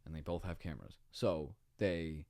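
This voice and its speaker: A man's voice: extremely low pitch, moderate pace, gravelly, mellow, no echo. A man guesting on a podcast, telling a story in a casual, slangy, laid-back way in a studio.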